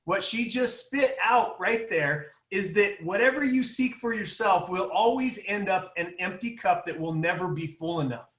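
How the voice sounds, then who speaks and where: A man's voice: sits high, normal speed, a bit bright, roomy sound. A man hosting a podcast, adding emphatic, preachy motivational commentary with repetitive build-ups. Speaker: podcast host.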